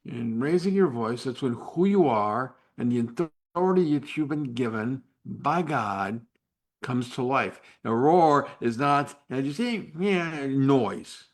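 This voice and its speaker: Male host, unscripted live faith talk, measured and slow, unpolished, frequent restarts and fillers. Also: medium pitch, expressive. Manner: drops to a whisper at times.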